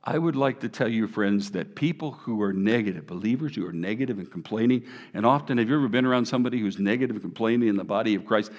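A middle-aged man, preaching a sermon in an animated, conversational way. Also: on the low side, fast, hardly any pauses, in a large hall, lo-fi sound. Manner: animated, conversational preaching with sound effects and jokes. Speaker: pastor.

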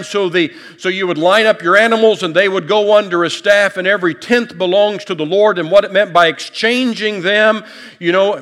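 A man's voice: high-pitched, a bit bright, long reverb tail. A male pastor preaching a sermon in a conversational, folksy way, with light humor and frequent restarts. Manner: repeats words and restarts often.

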